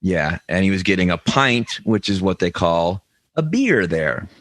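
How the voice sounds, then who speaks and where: A man's voice: deep voice, big pitch swings, measured pace, a bit bright, no room sound. A man co-hosting a comedy news podcast, telling stories in a rambling, self-interrupting way. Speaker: podcast co-host. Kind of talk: comedic banter.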